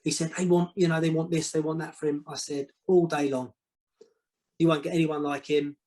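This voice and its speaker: Animated storytelling man, higher voice. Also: brisk, rough recording. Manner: animated, repeats words, acts out quotes. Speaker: guest, former football manager. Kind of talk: casual storytelling.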